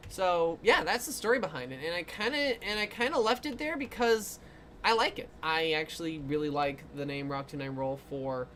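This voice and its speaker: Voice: mid-range voice, fairly bright tone, slight background noise. An artist chatting casually on a livestream while drawing requests, rambling with lots of fillers, playful and self-mocking, often dissolving into giggles. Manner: rambling with many fillers, breaks into giggling fits.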